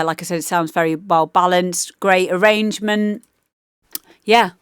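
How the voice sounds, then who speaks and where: A woman's voice: medium pitch, smooth, no room sound, clean studio sound. Chatty woman DJ. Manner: chatty, rambling, laughs often. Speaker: DJ host reviewing demos. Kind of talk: casual stream chat.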